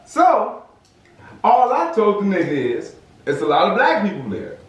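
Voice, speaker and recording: A man's voice: sits high, normal speed, far from the mic. A young man from Southern California, casually telling a story in slangy talk and acting out the quotes. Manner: animated, slangy, acts out quotes. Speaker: podcast host. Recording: echoey room, off-mic.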